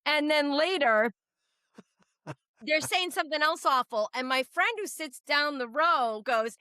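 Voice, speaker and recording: A woman from New Hampshire, a state legislator, telling stories in a blunt, profane, animated way during a casual podcast chat. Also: high voice, unhurried, dry recording, clean studio sound. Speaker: state representative guest.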